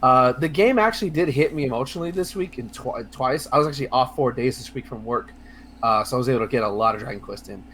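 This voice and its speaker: A man co-hosting a casual video game podcast, talking in a rambling, excitable way with lots of fillers, restarts and swearing. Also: medium pitch, quick pace, a little hiss or hum. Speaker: podcast co-host. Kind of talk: casual podcast chat about video games.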